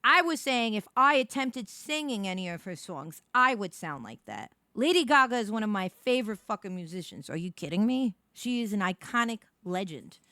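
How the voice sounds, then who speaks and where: A young woman streaming live, chatting casually to her viewers, rambling and swearing with quick restarts. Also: mid-range voice, very animated, pushed and bright, no echo.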